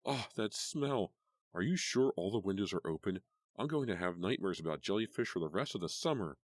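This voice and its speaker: A man reading an audiobook, voicing an upset, angry teenage girl in a high, agitated voice. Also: animated, fairly quick, no room sound, studio quality. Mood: furious. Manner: shrill and agitated.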